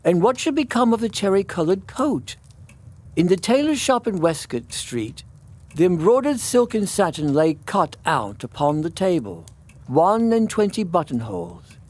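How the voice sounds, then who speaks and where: A man, a priest, reading a classic children's story aloud in an expressive, melodic way. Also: high voice, moderate pace. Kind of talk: storybook narration.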